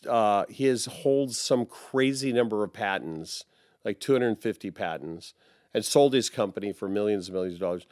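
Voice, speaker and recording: A man's voice: fairly low pitch, expressive, moderate pace, darkish tone, dry recording, clean studio sound. A man in his sixties, a guest musician, telling stories in a casual interview, rambling and anecdotal with many fillers.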